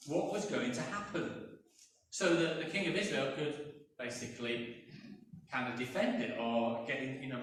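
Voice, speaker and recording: A man's voice: on the high side, a little hiss or hum. A man preaching a sermon as pastor, telling a story in a conversational way and acting out voices. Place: church, indoors. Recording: echoey church from a distance.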